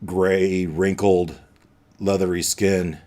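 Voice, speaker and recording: A man narrating as game master of a tabletop game, casual and halting with many restarts. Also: low voice, level tone, darkish tone.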